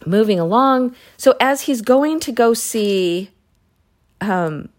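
A woman's voice: fairly high pitch, expressive, takes it slowly. A woman casually retelling Bible stories in a chatty way, with self-corrections and side remarks. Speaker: Bible reading podcaster.

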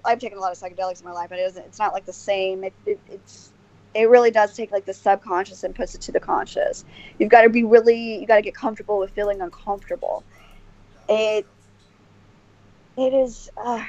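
A woman's voice: medium pitch, dry recording. Brief: woman interview guest, earnest and rambling, dry close sound, slightly muffled recording. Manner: earnest, rambling, many restarts and fillers. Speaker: podcast guest. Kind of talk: casual interview chat.

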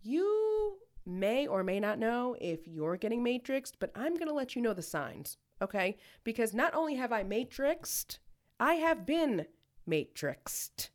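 A brash, profane woman riffs through casual comedic chat as a podcast co-host. Her pitch swoops all over as she slips into playful voices. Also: big pitch swings, measured pace.

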